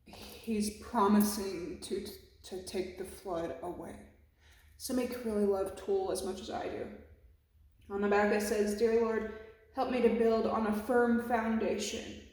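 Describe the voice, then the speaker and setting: A woman's voice: medium pitch, a little mellow. A woman giving a casual, emotional tarot reading, swearing freely and speaking in a reflective way. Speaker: tarot reader. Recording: very echoey room.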